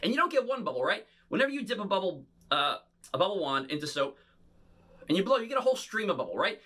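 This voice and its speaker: A man's voice: sits high, fast. A man performing an interactive bubble show for children, talking playfully to an unseen young audience. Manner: animated and showy.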